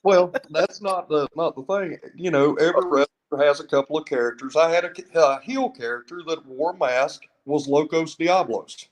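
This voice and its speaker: A man's voice: a little high, moderate pace, few pauses, low-quality recording. A man who wrestled for years, a guest on a podcast, telling rambling anecdotes in casual chat. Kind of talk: casual storytelling.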